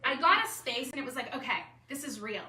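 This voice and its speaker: Chatty bright-voiced woman in an echoey room. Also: high-pitched, a little fast. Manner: chatty, animated storytelling full of "like" and self-quotes. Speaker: artist and designer speaking at a gathering. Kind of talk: personal story told to a group. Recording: echoey room, mic far off, faint room noise.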